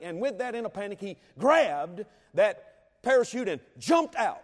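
A man's voice: high voice, very animated, measured pace, long reverb tail. A man preaching a sermon in a folksy, dramatic way, with emphatic rises before an audience of preachers. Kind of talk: sermon with a humorous story.

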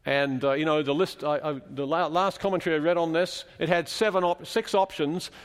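A man's voice: a little high, steady tone, moderate pace, clean tone, long reverb tail. A man preaching a sermon in a chapel, explaining scripture and asking the congregation questions as he teaches.

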